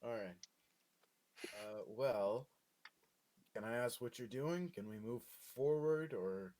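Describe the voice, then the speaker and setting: A man's voice: medium pitch, takes it slowly, a little mellow. A man playing in a tabletop game, giggly with playful asides. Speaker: player.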